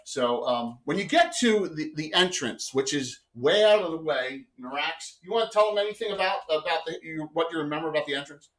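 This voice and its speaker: A man with a fairly high voice runs a tabletop game for his players, rambling through his setup. He trails off, restarts sentences, and fills gaps with "uh" and "you know" as he lays out the scene. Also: lively intonation, a little fast, few pauses, fairly bright tone. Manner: rambling, with many fillers and self-corrections. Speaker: game master. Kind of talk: running a live tabletop game.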